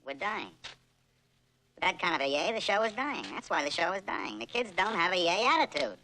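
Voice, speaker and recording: An actor playing a fussy middle-aged children's TV host, theatrical and melodramatic, in 1960s film acting. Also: male voice, high-pitched, big pitch swings, a little fast, bright, forceful tone, exaggerated voice. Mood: exasperated. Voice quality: theatrical, exclamatory, melodramatic despair. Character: frantic, fussy male kiddie-show host, middle-aged. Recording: noisy old film soundtrack.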